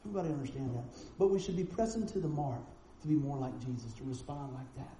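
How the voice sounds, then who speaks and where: A male preacher delivering a storytelling sermon, animated and acting out the people in his stories, in a church sanctuary. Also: mid-range voice, fast talker. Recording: roomy echoing sound with faint noise.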